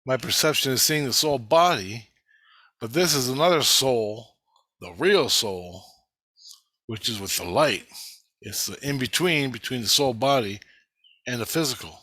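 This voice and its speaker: Middle-aged man, bright dry voice, rambling and profane, intense vlog monologue. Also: mid-range voice, lively intonation, measured pace, pauses often, no echo. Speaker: vlogger.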